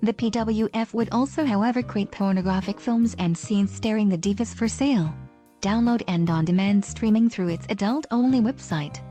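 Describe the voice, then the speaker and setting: A woman host calmly narrating a scripted setup. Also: mid-range voice, moderate pace. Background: faint music.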